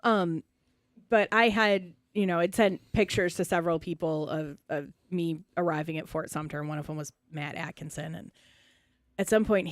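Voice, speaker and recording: A woman's voice: fairly low pitch, no room sound, clean studio sound. A woman co-hosting a podcast, telling a story with plenty of animation and laughter. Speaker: co-host. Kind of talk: casual storytelling chat.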